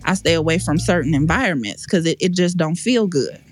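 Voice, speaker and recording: A woman's voice: low voice, lively intonation, fairly quick, soft background music. Woman telling a raw personal story. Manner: emotional, slangy and frank, with many restarts. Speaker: podcast guest.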